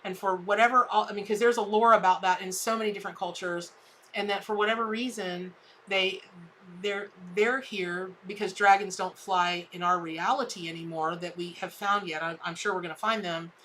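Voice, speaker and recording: Middle-aged woman, live tarot reader; bright, chatty voice that jumps high when she gets excited. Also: normal speed, a little hiss or hum, poor audio. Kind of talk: live-stream tarot reading.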